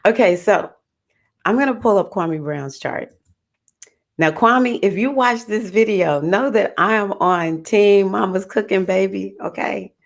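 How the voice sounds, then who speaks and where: A woman hosting a casual astrology livestream, talking in an animated, playful way and laughing often. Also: medium pitch, measured pace, creaky. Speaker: astrologer, host.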